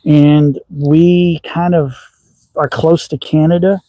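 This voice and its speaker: Folksy middle-aged man, mellow voice. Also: on the high side, steady tone, slow pace, dry recording, poor audio. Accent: slight Southern with a touch of upper Midwest. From Texas. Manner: folksy and rambling, with frequent ums. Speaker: slingshot channel host. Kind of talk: casual livestream chat. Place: outdoors at a backyard shooting range.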